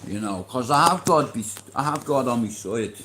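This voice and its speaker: A man's voice: mid-range voice, lively intonation, normal speed, reverberant, background noise. Boastful, swearing Irish man. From Ireland. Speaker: livestream host. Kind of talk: casual livestream chat.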